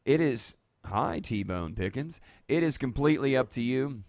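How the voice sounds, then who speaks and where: A man's voice: medium pitch, lively intonation, a little slow, a little mellow, dry recording. A man hosting a casual live-stream monologue, rambling and jokey and poking fun at himself. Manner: rambling, jokey, self-mocking. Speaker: host. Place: dark home studio.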